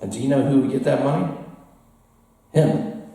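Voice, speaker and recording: American guy rambling thru a funny story, laughs at himself, mellow voice, echoey bar mic from far off. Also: medium pitch, moderate pace, vocal fry. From United States. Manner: rambling, self-deprecating, laughs at own story. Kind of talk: live comic storytelling. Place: bar with live audience. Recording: roomy echo, from far off.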